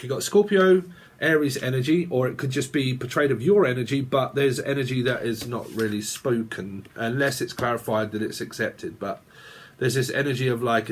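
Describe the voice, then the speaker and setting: A man's voice: mid-range voice, moderate pace, slight background noise. A man giving a rambling tarot reading, free-associating aloud, muttering strings of names and chuckling to himself. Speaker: tarot reader.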